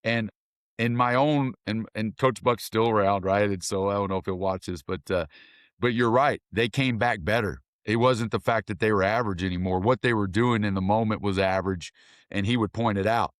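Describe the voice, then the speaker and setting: Brief: male coach from Kentucky, earnest, animated storyteller, dry close sound. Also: lowish voice, normal speed, no room sound. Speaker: football coach and mentor. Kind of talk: casual interview talk.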